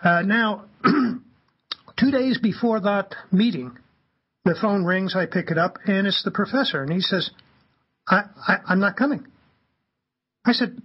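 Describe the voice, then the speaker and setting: A man, a radio guest, telling anecdotes in an animated way and acting out the quoted dialogue. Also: high-pitched, measured pace, pauses often, breathy edge, dull audio. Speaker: guest, campaigner. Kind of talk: anecdotal storytelling on a radio talk show.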